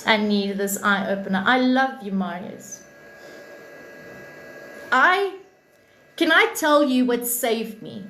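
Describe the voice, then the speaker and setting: A woman's voice: fairly high pitch, expressive, slow, pauses often, pushed and bright. A woman hosting a livestream, talking in an impassioned, blunt and profane way, preaching self-love and thanking viewers. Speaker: live stream host, spiritual reader. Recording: echoey room with faint noise.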